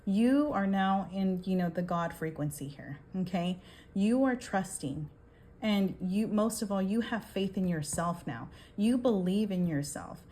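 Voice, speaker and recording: Woman reading tarot cards, animated and swearing, keeps asking okay?. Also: mid-range voice, measured pace. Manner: animated, emphatic, swears and laughs often. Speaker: tarot reader. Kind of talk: casual tarot reading to camera.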